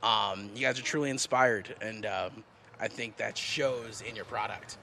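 A man talking as a guest in a casual chat, earnest and rambling with many pauses. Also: on the low side, creaky, pushed and bright, slight background noise.

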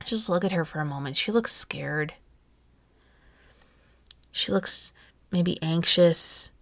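A woman in her thirties talks the listener through a self-help exercise, gentle and coaching. Her voice sits a little low, and the sound is close and dry with no room around it. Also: takes it slowly, vocal fry, no room sound. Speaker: podcast host. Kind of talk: encouraging self-help talk.

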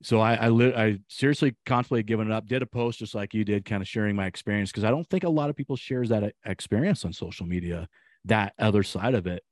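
A man's voice: fairly low pitch, fast, dry recording, studio quality. A man hosting a podcast, talking earnestly and acting out quotes as he tells stories. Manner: earnest, animated, acts out quotes. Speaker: podcast host. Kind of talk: casual podcast chat.

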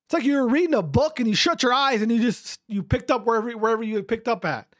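A man's voice: very high voice, animated, normal speed, a bit bright. A man hosting a podcast, delivering a fiery, profane rant and repeating himself for emphasis. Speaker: podcast host.

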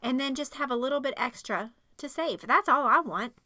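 Bright-voiced woman in her forties, rambling. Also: high-pitched, lively intonation, brisk, dry recording. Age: 40s. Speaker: wife in a casual couple's chat. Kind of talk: casual chat.

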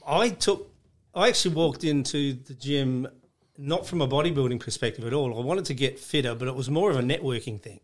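A man's voice: mid-range voice, fairly quick. A man, a guest on a casual podcast, telling his story in a plain-spoken way and laughing easily. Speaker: guest, bodybuilding judge.

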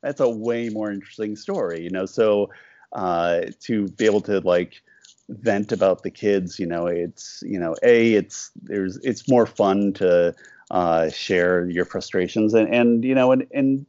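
A man with a fairly low voice talks casually in an interview, rambling and restarting as he acts out quoted back-and-forths. The sound is dry and close. The recording is dull and lo-fi. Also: measured pace, darkish tone, no echo. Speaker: cartoonist guest.

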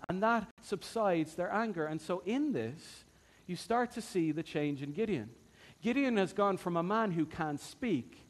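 Casting: male preacher, high-pitched, storytelling sermon. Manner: storytelling, acting out voices.

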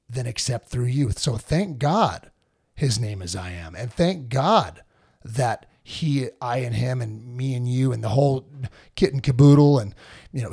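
A man co-hosting a casual spiritual chat, telling stories with animation and acting out the voices of other people. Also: medium pitch. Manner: animated storytelling, acts out voices. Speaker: podcast co-host.

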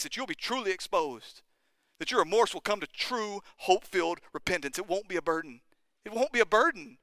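A man's voice: extremely high pitch, sharp tone, clear, resonant tone, dry recording. A man preaching a sermon as pastor, impassioned and urgent, firing rising questions at the congregation.

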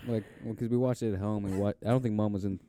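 Low-voiced joking man telling a story. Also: fairly even intonation, quick pace, dark tone. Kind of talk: casual chat among friends.

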